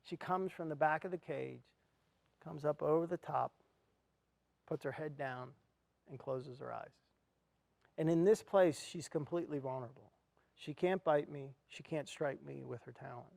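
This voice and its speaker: Earnest male speaker, slightly high voice, heartfelt storytelling, close dry sound. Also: moderate pace, vocal fry, long pauses, a little mellow, no room sound. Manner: earnest storyteller, acts out his own reactions. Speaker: speaker at an education event. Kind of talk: motivational talk with personal story.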